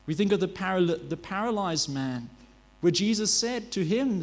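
A man's voice: sits high, expressive, moderate pace. A man preaching a sermon in an earnest manner, asking rhetorical questions and sometimes correcting himself as he goes.

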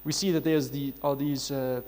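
A man preaching a sermon, reading scripture and then explaining it in an earnest, steady way, often pausing on "uh" and restarting phrases. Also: medium pitch. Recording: long hall reverb.

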